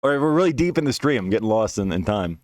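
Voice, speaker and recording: A man's voice: fairly low pitch, animated, fast, darkish tone, no echo. A young man telling a personal story on a stream in a casual, profane, slangy way, with frequent restarts and asides.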